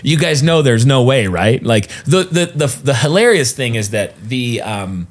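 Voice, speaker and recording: A man co-hosting a podcast in casual chat, mocking and laughing often, with quick restarts. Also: medium pitch, expressive. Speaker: podcast co-host.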